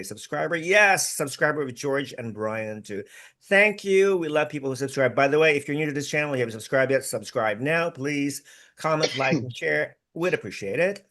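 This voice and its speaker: A man's voice: fairly high pitch, lively intonation, normal speed, fairly bright tone. A man hosting a casual group video chat, chatty and reading out viewer comments. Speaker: livestream host. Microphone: video call.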